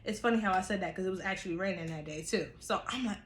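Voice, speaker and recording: Young woman, chatty storyteller, slangy, animated, echoey room. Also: medium pitch, fast. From New York. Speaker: vlogger. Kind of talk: casual storytime.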